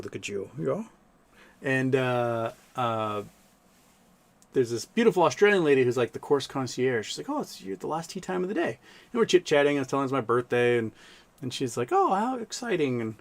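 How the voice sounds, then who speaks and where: Rambling man telling stories on a livestream. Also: medium pitch. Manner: rambling storytelling with many fillers. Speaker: livestream host. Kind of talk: casual livestream chat.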